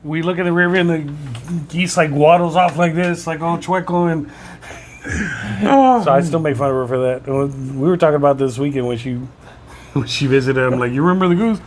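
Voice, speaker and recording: Over faint background noise, this man talks at a moderate pace in a slightly high voice. He's co-hosting a podcast in a relaxed, chatty way, dropping casual swears and cracking himself up with his own anecdotes.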